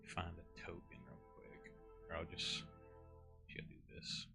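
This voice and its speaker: A man narrating a tabletop game as game master, halting, with many fillers and restarts. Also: deep voice, huge pitch swings, vocal fry, music in the background.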